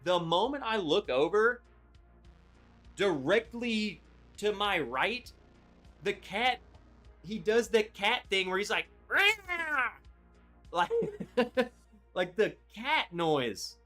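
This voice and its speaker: A man hosting a livestream, telling a story in an animated, excitable way with lots of "like"s. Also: sits high, slow pace, pauses often, soft background music. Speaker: livestream host.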